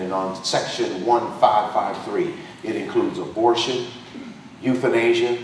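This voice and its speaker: A man with a lowish voice preaches an impassioned political sermon, hammering his points with repetition and a rising preacher's rhythm. He is picked up from a distance in a very echoey dinner hall. Faint noise hums under his voice. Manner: emphatic preaching cadence with repetition. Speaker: pastor and congressional candidate.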